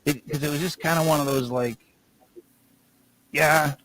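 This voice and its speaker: A man's voice: on the high side, fairly even intonation, measured pace, a bit bright, a little hiss or hum, rough recording. A man co-hosting a podcast, rambling through casual stories and laughing as he talks. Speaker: podcast co-host.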